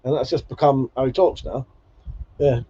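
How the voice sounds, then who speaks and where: Hosting a casual livestream, a man chats, reads viewer comments, and swears freely between laughs. His voice is husky and dark in tone, medium in pitch with fairly even intonation and a moderate pace. The stream audio sounds dull and lo-fi.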